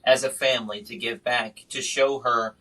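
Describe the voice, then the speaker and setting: A man hosts a casual podcast chat and spins animated stories. His voice is bright and pushes forward. He sits a little away from the microphone, so the sound is slightly distant. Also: mid-range voice, normal speed. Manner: animated storyteller. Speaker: podcast host and magician.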